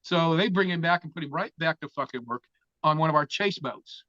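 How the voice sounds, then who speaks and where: An older man from Florida tells a long story as an interview guest, cursing freely and acting out the other people in it. His voice sits a little high for a man. The recording is dry and close but dull and lo-fi. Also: brisk, no room sound. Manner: profane, animated storyteller who acts out other people's lines. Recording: dull, lo-fi sound.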